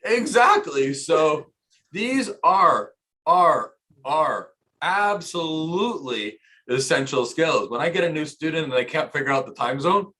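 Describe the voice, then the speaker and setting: A man's voice: a little high, animated, a little slow, bright, forceful tone. Emphatic American man coaching. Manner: emphatic, coaching, repeats key points for punch. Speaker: host and cloud architecture instructor. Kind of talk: live-stream career talk.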